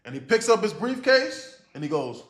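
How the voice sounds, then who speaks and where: A man's voice: high-pitched, big pitch swings, normal speed, fairly bright tone, dry recording. A man streaming live as a day trading mentor, talking in a rambling, profane, casual way with lots of fillers. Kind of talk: casual livestream chat.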